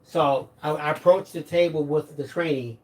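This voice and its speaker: A man's voice: a little high, moderate pace, a little mellow. A man with a slightly raised voice shares a casual anecdote during a crafting livestream. He rambles and keeps circling back with repeated phrases. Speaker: co-host helping with digital images.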